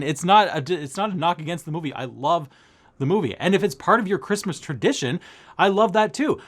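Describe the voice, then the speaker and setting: Male cross-stitch vlogger, excitable, stammery, slightly high lively voice. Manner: excitable, stammering, repeats himself. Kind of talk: excited casual monologue to camera.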